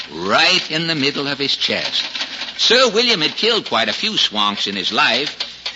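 A man narrating a storybook in a lively, playful way. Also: a little high. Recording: dull, hissy old recording.

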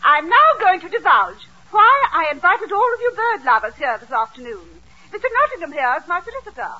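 A woman's voice: extremely high pitch, sing-song, a little fast, sharp tone, full character voice. A woman voicing a batty, wealthy old English lady obsessed with birds, speaking in a plummy, imperious way, on a muffled old radio recording.

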